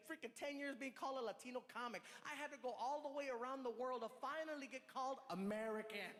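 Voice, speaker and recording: A man in his thirties telling a stand-up comedy story, animated and acting out the people in it. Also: very high voice, fast talker, hardly any pauses. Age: 30s. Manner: animated, acts out other voices, shouts and laughs. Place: large performance hall. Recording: large hall with reverb, faint crowd noise.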